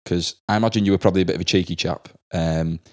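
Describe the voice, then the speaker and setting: This is a man hosting a podcast in a relaxed, matey way, often laughing along. His voice sits very low. The sound is close and dry. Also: very fast, no room sound. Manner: laid-back, laughs often, says mate. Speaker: podcast host. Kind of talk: casual podcast chat.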